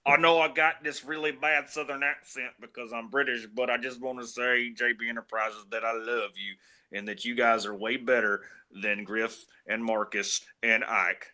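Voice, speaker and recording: A man's voice: medium pitch, steady tone, moderate pace, sharp tone. A man putting on a gushing female fan who calls her own accent fake. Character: woman named Maggie, fond of the team.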